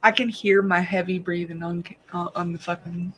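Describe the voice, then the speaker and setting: A woman's voice: on the low side, steady tone, normal speed, a little hiss or hum, rough recording. A woman chatting on a casual livestream from home, swearing freely and laughing often as she tells stories. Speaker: livestream host.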